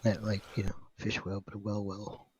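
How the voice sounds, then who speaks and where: A man bantering and teasing at a tabletop game in a very husky voice. He speaks on the lower side. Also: monotone, quick pace, no echo. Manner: teasing, joking. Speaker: player.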